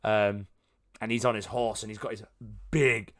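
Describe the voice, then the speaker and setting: A man's voice: lowish voice, fairly even intonation, normal speed. A man narrating as game master of a tabletop game, chatty and rambling, with frequent fillers.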